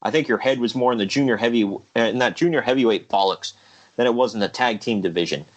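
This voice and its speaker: A man's voice: medium pitch, fast, natural voice. A man reading the lines of a blunt, frustrated tag team wrestler in a complaining way, close to his own voice.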